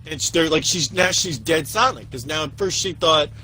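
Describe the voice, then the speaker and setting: A man casually telling a story with lots of swearing, acting out what each person said in an animated way. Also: on the high side, normal speed, low-quality recording. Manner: profane, animated, acts out quotes. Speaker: podcast co-host.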